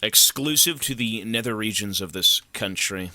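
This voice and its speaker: A young man rambles casually to his stream chat mid-game, cursing freely and joking. His voice is strikingly bright and sharp, and his pitch swings widely up and down. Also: expressive, moderate pace. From Canada.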